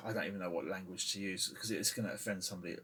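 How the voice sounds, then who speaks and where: A man's voice: sits low, fairly even intonation, quick pace, bright, forceful tone, breathy edge. A middle-aged man hosting a casual opinion vlog. He rambles and hesitates, with many fillers. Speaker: channel host.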